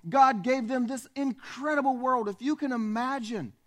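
A man's voice: extremely high pitch, normal speed, fairly bright tone. A male pastor giving a sermon in a storytelling way, speaking straight to his congregation. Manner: storytelling, addresses the congregation directly. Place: church.

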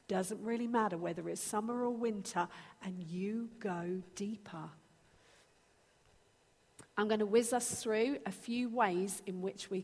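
Woman in her thirties, preacher, slow and deliberate, earnest and animated, church hall reverb. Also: medium pitch. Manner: earnest, animated, acts out her own pleas to God. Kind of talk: sermon.

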